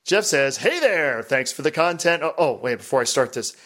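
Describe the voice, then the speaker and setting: A man hosting a casual pinball podcast, chatty and rambling, animated as he talks. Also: medium pitch, normal speed. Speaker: podcast host.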